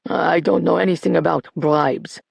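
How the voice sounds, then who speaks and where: A man's voice: on the high side, fairly even intonation, normal speed, creaky, slightly rough, no room sound, exaggerated voice. A narrator voicing a grumbling old man. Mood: grumpy, wary. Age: older. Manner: grumbling, curt, forgetful. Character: irritable elderly man, former police officer.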